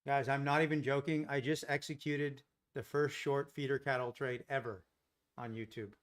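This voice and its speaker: A man's voice: medium pitch, level tone, moderate pace. A man hosting a live day-trading stream, thinking aloud through his trades and chatting with viewers. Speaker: day trading livestream host.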